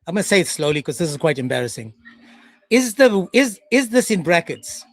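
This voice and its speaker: A man's voice: high-pitched, very animated, brisk, no echo, clean studio sound. A man hosting a heated debate, brusque and insistent, repeating his questions over and over. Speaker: host.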